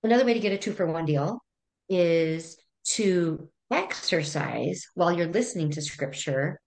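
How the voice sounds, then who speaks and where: Calm low-voiced woman therapist. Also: normal speed, gravelly. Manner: calm, gently instructive, talks through breathing exercises. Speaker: therapist guest. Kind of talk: conversational podcast interview.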